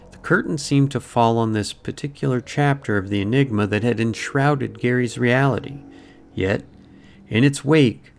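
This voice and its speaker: Casual: podcast host guy reading a spooky script, solemn and measured, gravelly voice, some music under it. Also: mid-range voice. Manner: ornate, solemn, measured delivery. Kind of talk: scripted dramatic narration.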